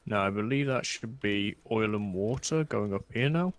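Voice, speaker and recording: A man's voice: fairly low pitch, expressive, normal speed, no echo. A man playing a factory game with a friend, easygoing and a bit hesitant, also wrapping up the episode. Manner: easygoing, mildly hesitant with fillers. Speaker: co-host gamer. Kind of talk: casual multiplayer game chat and outro.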